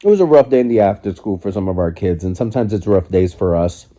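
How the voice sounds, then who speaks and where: This vlogger, a man in his forties, films a casual mukbang on his phone while eating on the living room couch. He has a deep, warm voice and an animated, quick delivery, speaking reflectively and candidly with loose restarts. The audio comes across dull.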